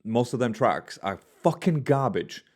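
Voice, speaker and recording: A man's voice: medium pitch, big pitch swings, unhurried. A man with a British accent hosting a music reaction channel, talking casually in a blunt, rambling way with fillers and swearing. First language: Albanian heritage, also speaks Albanian.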